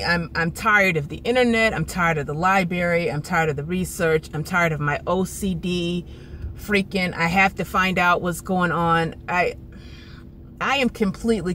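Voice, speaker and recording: A woman's voice: lowish voice, fairly bright tone, slight background noise. A woman in her thirties venting to camera in a frustrated, rambling way, often repeating herself. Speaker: vlogger. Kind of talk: emotional venting vlog.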